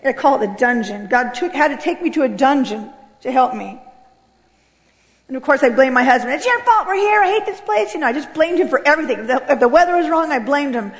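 A high-pitched woman from California gives an emotional personal testimony, telling her life story at a quick pace with raw feeling. She's animated, swinging between loud outbursts and hushed, near-whispered low passages, and her voice rings out with a long hall echo.

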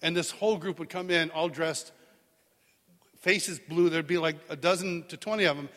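A man's voice: fairly high pitch, moderate pace. A middle-aged man preaching a sermon to a live congregation, telling stories with animation and acting out the voices of the people in them. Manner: animated storytelling, acts out voices in dialogue. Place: large church hall with live congregation. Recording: long hall reverb.

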